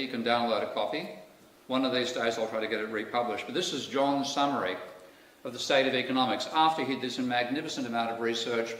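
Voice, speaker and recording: In a lecture hall, an Australian man speaking at medium pitch with a fairly bright tone gives a public lecture as a guest. He is candid and wry, with many asides. The mic is distant, the hall echoes, and there is faint noise.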